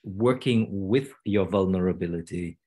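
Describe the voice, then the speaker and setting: A man with a somewhat low voice moderates a video call discussion. He speaks hesitantly, searching for the right words. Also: a little slow, a little mellow, breathy edge. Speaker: programme director, moderator.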